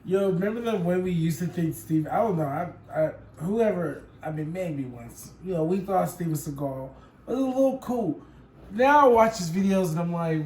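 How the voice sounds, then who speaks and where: A man's voice: high-pitched, expressive, moderate pace, darkish tone. A man hosting a reaction channel, talking in a casual, rambling, profane way full of slang and checking in with the listener. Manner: slangy, rambling, profane, keeps asking "you know what I'm saying". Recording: roomy echo with faint noise.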